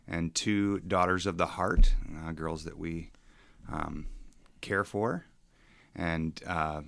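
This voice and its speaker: Forties guy, pastor, real low gravelly voice, halting and reflective, lots of ums. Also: fairly even intonation, a bit bright. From suburbs of Chicago. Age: 40s. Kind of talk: casual podcast conversation.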